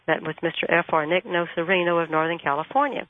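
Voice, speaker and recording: A woman guest calling in to a radio show, telling a story and acting out the dialogue with lively energy. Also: lowish voice, fast, no room sound. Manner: animated, acts out dialogue. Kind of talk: phone-in storytelling. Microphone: telephone. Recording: tinny phone line.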